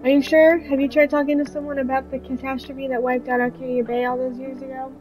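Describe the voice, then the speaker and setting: Woman reading lines as anxious parents texting their daughter; high voice, gentle and pleading. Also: level tone, quick pace, soft background music, natural voice, low-quality recording. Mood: concerned. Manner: reading text messages aloud, gently pleading. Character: worried middle-aged parents checking on their daughter.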